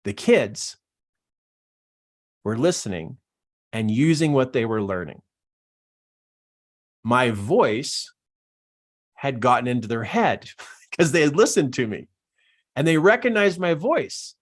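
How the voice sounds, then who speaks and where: A man's voice: medium pitch, big pitch swings, slow, pauses often. A middle-aged man, a business coach, talking in a live-streamed Q&A, emphatic and fond of repeating phrases for effect.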